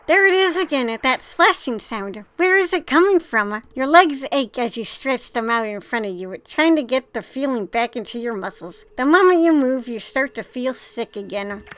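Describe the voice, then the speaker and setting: A woman's voice: fairly high pitch, lively intonation, moderate pace, hardly any pauses, a bit bright, no room sound. A woman playing a text adventure, reading the narration aloud expressively, with casual swearing. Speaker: gamer.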